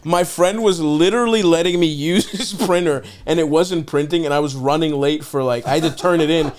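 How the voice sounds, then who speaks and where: A man's voice: a little high, fairly quick, darkish tone. A man hosting a podcast in casual chat, laughing often, swearing freely and saying "yeah, yeah" over and over. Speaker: podcast host.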